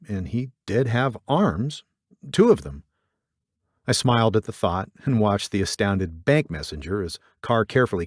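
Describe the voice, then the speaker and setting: A man narrates a story in a low voice with a lively, swinging delivery. He lifts his voice for dialogue and sinks it for the tags. The recording is dry and close. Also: slightly rough, no room sound. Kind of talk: audiobook narration with character voices.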